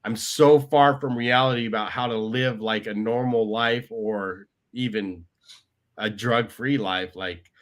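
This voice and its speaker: In a storytelling interview, a man shares his life story as a podcast guest, chatting casually, quoting people, and frequently adding "right?". His voice sits on the low side, with fairly even intonation and a measured pace.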